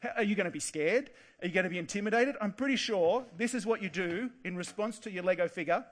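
A man giving a lively Bible talk for children, asking his listeners lots of questions. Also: sits high, quick pace.

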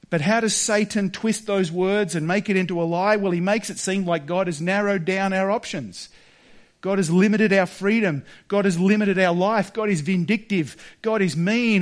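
A man's voice: sits high, normal speed. A man preaching a sermon, earnest, full of rhetorical questions. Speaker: pastor.

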